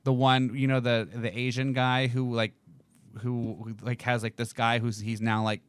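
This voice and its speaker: A man's voice: medium pitch, flat delivery, normal speed, smooth. A man hosting a talk show, asking questions and telling chatty, rambling stories. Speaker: host. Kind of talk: casual interview chat.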